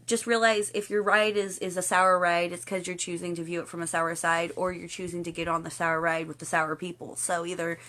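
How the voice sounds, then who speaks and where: A woman's voice: on the low side, fairly bright tone. A woman hosting a casual spiritual livestream, chatty and playful, greeting viewers and slipping into silly voices when she quotes people.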